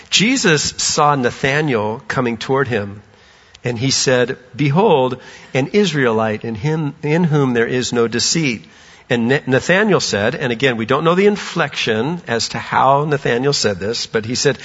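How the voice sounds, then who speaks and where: A middle-aged man preaching a sermon as pastor, telling stories with lively animation and acting out voices. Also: medium pitch, fairly quick, breathy edge. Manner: animated storytelling, acts out voices. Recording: dull sound with long hall reverb.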